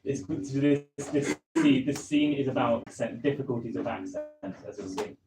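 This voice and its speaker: A man's voice: mid-range voice, huge pitch swings, fairly quick, over music. A man from London with a southeastern English accent teaches a live workshop, chatty and laughing often. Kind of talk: live classroom explanation. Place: classroom or workshop room. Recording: roomy, distant live workshop recording with audience.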